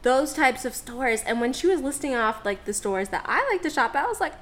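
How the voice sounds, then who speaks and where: A woman's voice: sits high, big pitch swings, brisk, heavy background noise. Bubbly young woman, slangy chat. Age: young adult. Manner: bubbly, slangy, laughs often. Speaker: podcast co-host. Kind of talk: casual chat.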